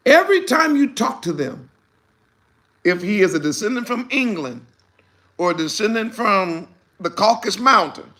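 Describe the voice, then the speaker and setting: A man preaching a fiery sermon, emphatic and repetitive, swinging between quiet remarks and shouted lines in loose, casual grammar. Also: very high-pitched, gravelly.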